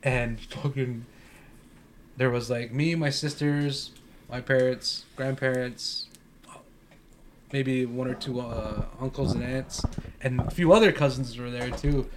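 A man's voice: mid-range voice, steady tone, slow pace, pauses often, slight background noise. A man co-hosting a casual podcast with a North Country New York accent, telling stories in a loose, profane way with frequent laughter. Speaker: podcast co-host. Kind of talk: casual storytelling chat.

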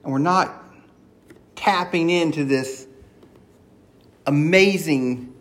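A man's voice: a little high, slow pace. A man preaching a sermon on prayer in an earnest, conversational way, acting out sample prayers as he goes.

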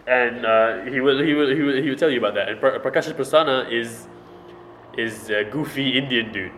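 A man's voice: medium pitch, normal speed, fairly bright tone, roomy sound, slight background noise, rough recording. A man chatting casually as a podcast host, explaining at length and repeating words as he thinks. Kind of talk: casual chat about stand-up comedy.

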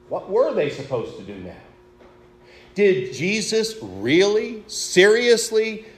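A man in his sixties, a pastor, preaching a sermon with expressive storytelling, rhetorical questions and wry humor. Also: fairly high pitch, echoey room. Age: 60s.

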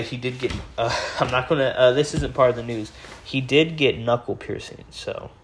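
A young man talks through celebrity headlines at an unhurried, dragging pace. His voice sounds worn and slightly hoarse. He rambles, stumbles over words and often circles back to rephrase himself. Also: medium pitch, a little hiss or hum. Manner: rambling, stammering, self-correcting. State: voice going hoarse. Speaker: host reading celebrity news. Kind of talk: casual news commentary.

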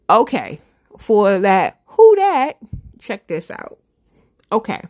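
Chatty, animated woman podcast host. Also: lowish voice. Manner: chatty, animated, laughs often, talks to listeners directly. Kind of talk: casual solo commentary.

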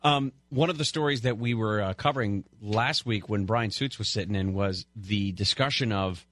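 A man's voice: on the low side, moderate pace, fairly bright tone, dry recording. A man co-hosting a talk radio show, chatting conversationally with fillers and restarts. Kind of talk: casual talk radio chat.

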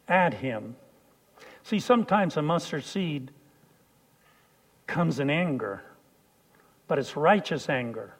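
A man preaching a sermon, telling a personal story and swinging from hushed lines to loud shouts. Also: fairly high pitch, animated, slow pace, long pauses, slightly rough.

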